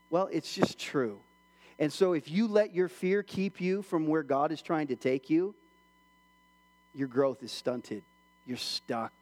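A middle-aged male pastor delivers a casual, animated sermon, slipping into little voices for the people in his stories. His voice sits high, and a long church reverb trails every phrase. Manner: animated, acts out quoted voices.

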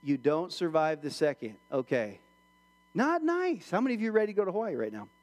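A male pastor delivers a lively sermon in church with a fairly high voice. He jokes with the congregation and slips into quick, acted-out voices when telling stories. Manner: animated, acts out quoted voices, jokes with the congregation.

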